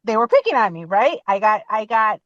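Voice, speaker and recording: A woman in her forties, a podcast guest talking from her car, telling her own story in an animated way and acting out what she said. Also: mid-range voice, brisk, no room sound, dull audio.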